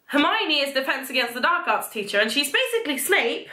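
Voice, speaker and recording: A young woman vlogger rambling excitedly through a book recap, full of "like" and fillers. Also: high voice, fairly quick. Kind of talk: casual book talk. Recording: echoey room.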